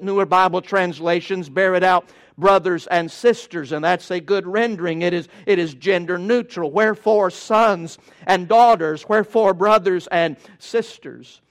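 Preacher guy, kinda high voice, rhythmic emphatic sermon style. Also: moderate pace, few pauses. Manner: emphatic, rhythmic preaching cadence with folksy humor.

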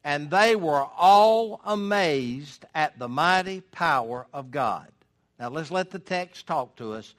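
A man's voice: on the high side, expressive, slow pace, a bit bright. A man preaching a sermon, reading scripture aloud and explaining it verse by verse with emphatic, rhetorical questions.

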